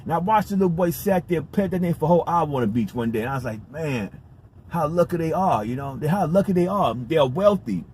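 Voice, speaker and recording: A man tells a story casually, circling back and repeating his points with emphasis and the odd curse. His voice sits a bit high for a man. A faint background noise runs under the recording. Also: expressive, quick pace, darkish tone. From United States. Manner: rambling, emphatic, profane, repeats himself. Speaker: vlogger.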